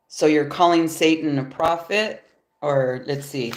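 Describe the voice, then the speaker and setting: A woman's voice: low-pitched, unhurried. A woman with a stuffy, nasal voice doing a casual tarot reading on a livestream, laid-back and loose, swearing in passing and chuckling often. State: nasal from allergies. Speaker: tarot reader. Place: home after yoga. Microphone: phone.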